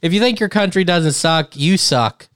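Casting note: young guy, lively sarcastic co-host, slightly high voice, dry sound. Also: normal speed, smooth, no room sound. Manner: animated, sarcastic, does voices in anecdotes. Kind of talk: casual chat.

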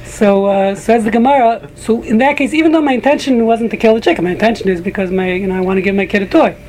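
A man's voice: high-pitched, fast talker, a little mellow, rough recording. A man teaching a casual group Talmud class, rambling with frequent restarts and joking asides to a small room of listeners.

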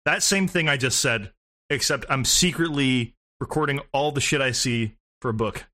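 A man in casual chat, animated and self-mocking, laughing often as he talks. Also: medium pitch, normal speed.

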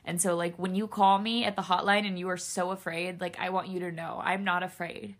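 A woman's voice: fairly low pitch, little pitch movement, a little fast, fairly bright tone. A woman hosting a solo podcast, speaking in a raw, candid way, emotional and close to tears, swearing freely. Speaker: podcast host.

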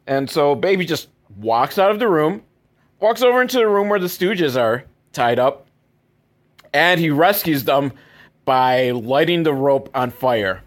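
Male movie reviewer, dry and sarcastic, cursing through a rambling plot recap. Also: mid-range voice. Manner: profane, deadpan, rambling with asides.

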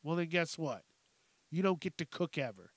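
A young man hosting a podcast, ranting profanely about the news and mocking people in quick put-on voices. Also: a little high, expressive, dry recording. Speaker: podcast host. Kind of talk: casual ranting commentary.

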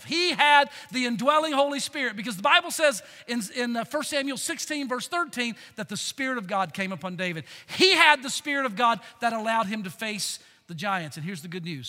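A male pastor delivers a sermon with a high, ringing, very bright voice. He is emphatic and calls the crowd to shout back. A long hall reverb trails his words. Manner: emphatic, calls for congregation response.

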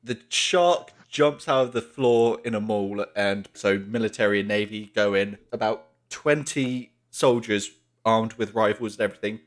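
A man recapping a film in casual chat, wry and deadpan, as a podcast co-host. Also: fairly low pitch, normal speed.

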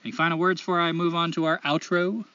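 This man co-hosts a podcast, moving from easy chat into foul-mouthed, blunt ranting monologues. He speaks fast in a slightly high, level, bright voice that is forceful and smooth. The audio is dry, the mic distant, and the highs are cut off.

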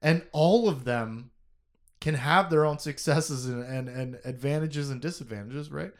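A man co-hosting a podcast, chatting casually about a novel in an animated, jokey way, thinking out loud with many restarts. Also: medium pitch, unhurried. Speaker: podcast co-host. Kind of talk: casual book discussion.

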